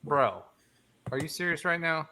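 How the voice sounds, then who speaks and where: Bright-voiced man hosting a casual sports chat. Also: a little high, animated, moderate pace. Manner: loose and rambling, full of fillers. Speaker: podcast host.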